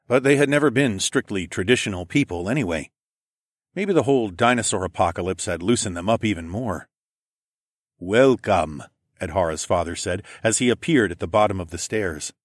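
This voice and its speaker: Low-voiced man narrating a story. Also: lively intonation, a little fast, dry recording, studio quality. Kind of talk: first-person story narration.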